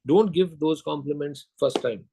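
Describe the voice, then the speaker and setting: A man's voice: a little high, normal speed, gravelly, background noise. An older man giving a sales lecture, telling anecdotes, acting out dialogue and quizzing his audience.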